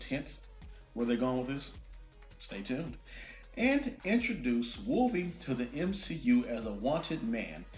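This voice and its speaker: Man, casual news commentary, reads aloud, excited asides, medium pitch, echoey room. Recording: roomy echo.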